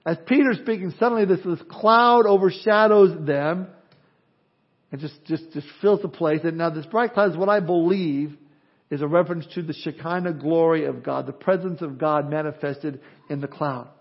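High-voiced man preaching a sermon. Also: normal speed, breathy edge, dull audio. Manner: expressive preaching, swings from loud emphasis to quiet asides. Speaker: pastor.

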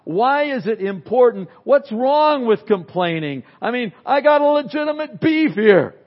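A man preaching an unscripted sermon, swinging from loud emphasis to near-whispers and acting out complainers in quick asides. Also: very high-pitched, lo-fi sound. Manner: animated, swings from loud to very quiet. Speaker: pastor.

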